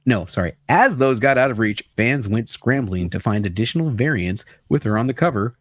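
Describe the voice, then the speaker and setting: A man's voice: medium pitch, lively intonation, a little fast, dry recording. A man reading out comic book market notes with an upbeat delivery. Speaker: co-host reading comic sales.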